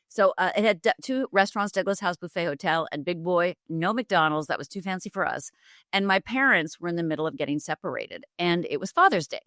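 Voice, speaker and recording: Woman, middle-aged, from Upper Michigan, low voice, vivid storytelling guest, dry close recording. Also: fairly bright tone, no room sound. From Upper Michigan, USA. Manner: vivid, dramatic retelling with acted-out quotes. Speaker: guest, life coach. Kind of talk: candid storytelling interview.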